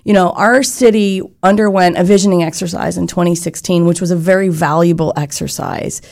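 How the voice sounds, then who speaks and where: Woman, chamber of commerce head in an interview; low-pitched, fry in the voice, articulate. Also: fairly even intonation, a little fast, darkish tone. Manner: earnest, articulate, explains with examples. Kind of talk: interview conversation.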